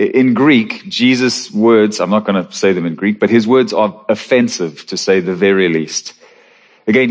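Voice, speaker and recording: A man preaching a sermon as pastor, reading scripture and praying, in an earnest and emphatic manner with slow, stressed phrases. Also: on the low side.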